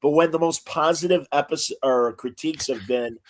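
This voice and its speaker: A man's voice: on the high side, fairly quick. A man co-hosting a podcast in casual chat, giving blunt, wry opinions. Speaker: podcast co-host.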